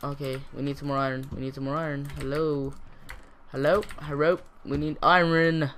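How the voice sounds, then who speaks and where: A teenage boy casually commenting on his own gameplay, talking to himself in a rambling way with sudden excited outbursts. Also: a little high, moderate pace, a little hiss or hum. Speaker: gaming channel host.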